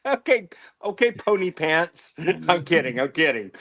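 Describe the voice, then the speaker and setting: A man's voice: a little high, very animated, unhurried, a bit bright. A man chatting casually on a comics show, jokey and often laughing, stumbling over his words. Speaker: panelist. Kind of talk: casual chat.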